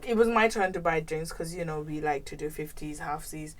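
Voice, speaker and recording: A woman's voice: deep voice, fairly quick. A young woman from England co-hosting a podcast, rambling through anecdotes and laughing often. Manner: rambling, laughs a lot while telling stories. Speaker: podcast co-host. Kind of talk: casual chat.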